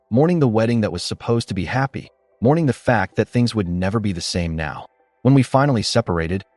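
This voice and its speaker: Low-voiced man narrating a family drama story. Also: darkish tone, no room sound. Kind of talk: scripted narration.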